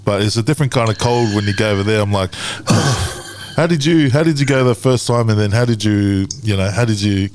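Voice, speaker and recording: An easygoing man speaks in a fairly low voice in casual conversation. He laughs along easily and backs his co-host with quick "yeah, yeah" replies. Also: slight background noise. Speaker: podcast co-host. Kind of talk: casual chat.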